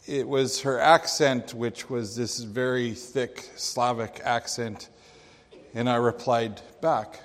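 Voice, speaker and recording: A male preacher delivers his sermon at an unhurried, measured pace, building from a personal story to a string of rhetorical questions. His voice sits at an ordinary middle pitch. A long, lingering reverb trails every phrase, as in a large room. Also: steady tone.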